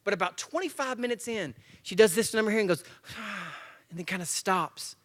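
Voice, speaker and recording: A man tells a story to a church crowd, his voice riding high for a man. He acts it out as he goes, leaning in with loud bursts, then dropping to near-hushed asides. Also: animated, fast. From Tennessee and Georgia, US. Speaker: guest speaker at a church men's breakfast. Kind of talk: storytelling talk to a live audience. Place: church event before a live audience.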